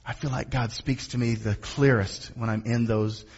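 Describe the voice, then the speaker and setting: A man preaching a sermon as pastor, animated and calling on the congregation to answer back. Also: medium pitch, moderate pace, slightly rough, lo-fi sound. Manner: animated preaching with call-and-response asks of the congregation.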